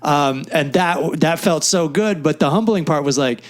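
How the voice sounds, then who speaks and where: A man's voice: a little high, moderate pace. Chatty middle-aged man telling stories. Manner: laughs often, self-deprecating, tells anecdotes. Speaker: comedian and podcast co-host. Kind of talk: casual podcast chat.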